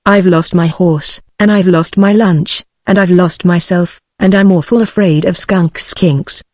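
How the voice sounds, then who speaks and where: Synthetic voice reading a gentle soothing young woman. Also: fairly low pitch, fairly even intonation, a little slow, no room sound, clean studio sound. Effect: text-to-speech voice.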